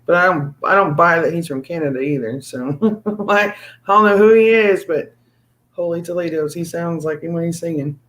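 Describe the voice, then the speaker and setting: Speaking at normal speed, a man with a high voice casually chats as the host of a live stream. His talk is excitable and meandering, full of tripped-up words and restarted sentences.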